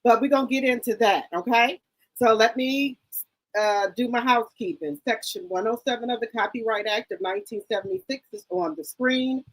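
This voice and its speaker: Woman, higher voice, live-stream host, chatty, gossipy, excitable, repeats greetings. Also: brisk, poor audio. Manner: chatty, greets viewers by name with repeated hellos. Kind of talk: casual live-stream chat.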